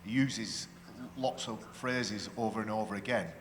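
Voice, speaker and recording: Low-voiced man bantering in a hall. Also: moderate pace. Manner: boastful banter, joking. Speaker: panel guest, former rugby league player. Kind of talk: live stage conversation. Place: festival stage in a hall. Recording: long hall reverb with faint noise.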